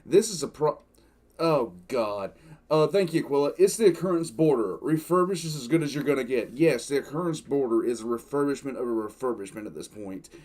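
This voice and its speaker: An older man casually reacting to a story, mid-pitched and conversational. He breaks in with exasperated groans and dry asides, a host talking over a reading. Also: lively intonation, brisk, darkish tone.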